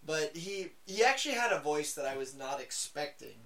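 Male podcast co-host, bright, slightly high voice, rambling profane casual talk, poor audio. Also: expressive, moderate pace. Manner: rambling, profane, lots of fillers and restarts. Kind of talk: casual chat. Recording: faint background noise, poor audio.

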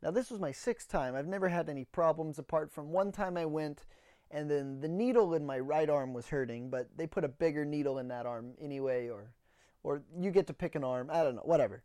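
A man's voice: a little high, brisk, warm tone, no echo. A man talks alone into a close podcast mic, blunt and sarcastic as he rambles through a story. He sounds a little out of breath. The sound is dry, with no room around it. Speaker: podcast host. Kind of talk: solo comedic monologue.

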